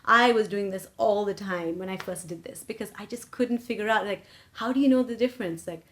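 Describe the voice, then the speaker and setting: A woman's voice: medium pitch, fairly quick, a bit bright, a little hiss or hum. A woman singing teacher giving a vocal lesson, explaining and checking in with "right?" and "okay?". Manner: explains, then sings short phrases to demonstrate. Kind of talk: vocal lesson with sung demonstrations.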